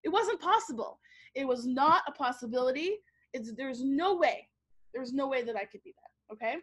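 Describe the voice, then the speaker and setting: A Canadian woman teacher telling a lively story in a workshop webinar, acting out quoted voices and checking in with "okay?". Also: high voice, normal speed. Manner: animated, acts out quoted voices, frequent "like" and "okay?". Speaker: teacher giving a workshop talk. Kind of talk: storytelling presentation. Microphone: webinar microphone.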